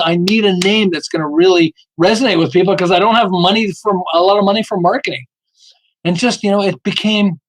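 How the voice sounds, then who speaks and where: A man's voice: high voice, rough recording. A man telling marketing stories in a podcast interview, emphatic and often asking "okay?" as he acts out little dialogues. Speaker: podcast guest, marketing author. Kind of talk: animated storytelling interview.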